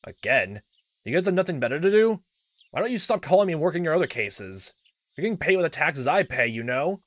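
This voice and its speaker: A man voicing an abusive, short-tempered middle-aged uncle who snaps and shouts in a raised, higher voice. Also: lively intonation, moderate pace, no echo, natural voice. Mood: angry, defensive. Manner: loud, snapping, bullying.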